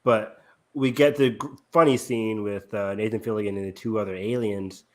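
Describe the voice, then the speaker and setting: A man's voice: lowish voice, steady tone, moderate pace, darkish tone, a little hiss or hum. A man hosting a casual film review podcast, retelling scenes with lots of laughter and fillers. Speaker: podcast host.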